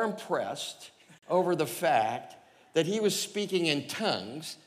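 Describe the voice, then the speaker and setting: A man preaching and telling his own conversion story, animated and chuckling, with lots of fillers. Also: on the high side, slow pace, big-room sound. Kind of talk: personal testimony storytelling.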